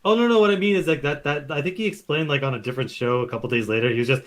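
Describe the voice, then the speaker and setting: A man's voice: medium pitch, racing. A man co-hosting a podcast, blunt and teasing, swearing freely in casual chat. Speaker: podcast co-host.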